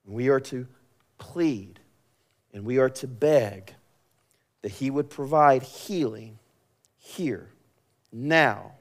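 A young man preaching a sermon, moving between quiet, drawn-out, intimate lines and loud, impassioned passages. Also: medium pitch. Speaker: pastor.

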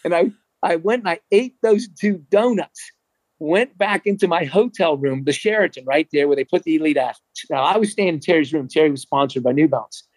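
A middle-aged man from New Jersey, a former marathon runner, telling a story in a chatty, animated way. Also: fairly high pitch, brisk, no room sound, low-quality recording. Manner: animated, chatty, frequent restarts and laughs. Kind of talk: casual storytelling.

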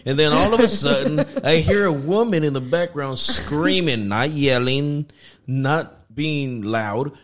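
A man's voice: a little high, measured pace. A man co-hosting a casual podcast, joking and swearing freely while telling a story. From Mexico. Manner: profane, joking, laughing. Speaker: podcast co-host.

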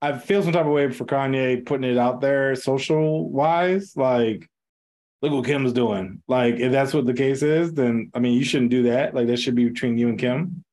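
A man's voice: mid-range voice, normal speed, a little mellow. A man co-hosting a casual podcast chat, with loose slangy talk and frequent laughter. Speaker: podcast co-host.

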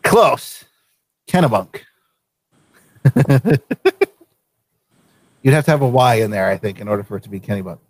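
A man from Vermont hosting a casual live show, easygoing and quick to laugh. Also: medium pitch, lively intonation, darkish tone, no room sound. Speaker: show host.

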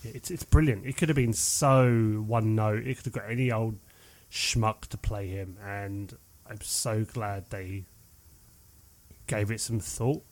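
A man's voice: fairly low pitch, steady tone, takes it slowly, a little mellow. Chatty man rambling about films. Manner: rambling, trailing off, swearing. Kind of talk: casual film chat.

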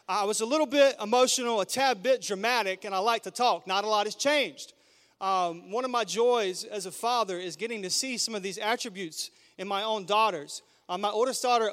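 Male pastor in his thirties; animated, joking sermon delivery, high pitch, big reverberant sanctuary. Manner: animated, playful, conversational with the crowd. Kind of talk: humorous storytelling sermon. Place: church sanctuary. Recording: long church hall reverb.

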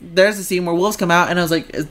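A woman co-hosting a podcast in casual chat, blunt and profane, breaking into loud laughing shouts. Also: on the low side, fairly even intonation, quick pace. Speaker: podcast co-host.

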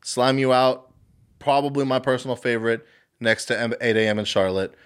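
A young man with a medium-pitched, steady, clean voice talks fairly quickly while co-hosting a casual podcast. He rambles through his opinions, swears freely, and slips into mocking impressions.

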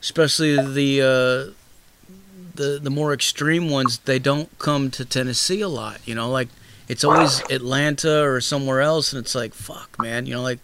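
A man's voice: medium pitch, steady tone, moderate pace, noisy background. A man hosts a loose, casual interview in an ordinary mid-range voice. He rambles through long thoughts full of fillers and restarts, and swears freely as he goes. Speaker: host.

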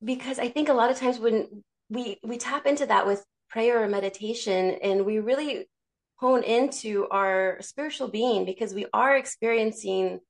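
Woman host, bit high pitched, warm affirming chat about faith. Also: normal speed. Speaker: podcast host, interviewer. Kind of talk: casual interview talk.

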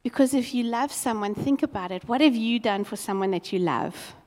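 A woman preaching a sermon as a lively, expressive storyteller. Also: on the high side, brisk, big-room sound.

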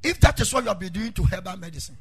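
A male pastor preaching a sermon, dropping low and then rising into sung, shouted lines. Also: expressive, very fast, husky. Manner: swings from murmuring to sung shouts. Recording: faint music behind.

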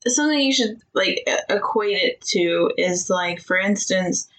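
Woman, casual chat with husband, talkative, lots of fillers, mid-pitched voice. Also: lively intonation, a bit bright, rough recording. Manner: chatty, many "like" fillers, quick to laugh. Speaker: co-host talking with her husband.

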